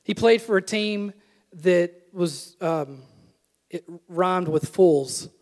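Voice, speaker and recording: A young adult man preaching a sermon, with animated repeated refrains and self-deprecating jokes. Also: high voice, slow pace, long reverb tail. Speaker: pastor. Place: church sanctuary.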